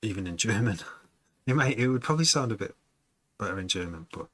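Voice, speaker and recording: A man's voice: lowish voice, lively intonation, fast talker, dry recording. A man, a music producer, chatting casually with his livestream viewers, rambling and laughing often as he muses aloud. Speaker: music producer streaming to chat.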